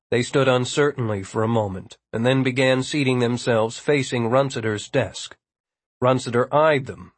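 A man reading a novel aloud as an audiobook narrator, in an even, measured manner. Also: mid-range voice, husky, dry recording. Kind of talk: scripted narration.

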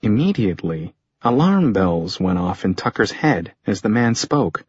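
A man reading a thriller audiobook in measured, steady scripted narration. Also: fairly low pitch, husky, no echo. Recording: dry muffled recording.

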